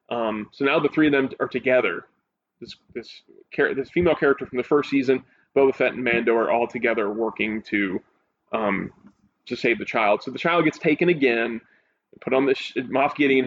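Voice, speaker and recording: A man talks in relaxed casual chat and grows more excited as he retells the scenes he loved. His voice rises sharply when he gets carried away. The recording is a little dull, with a faint hiss underneath. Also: medium pitch. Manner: excited, animated recounting of a show.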